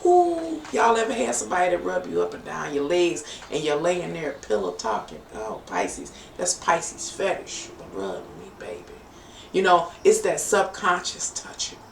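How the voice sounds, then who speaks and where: Gravelly middle-aged woman in a roomy space. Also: fairly low pitch, animated, a little slow. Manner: playful, bawdy banter with viewers. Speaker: tarot reader. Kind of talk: casual live-stream tarot reading. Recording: roomy, distant home mic with faint background hum.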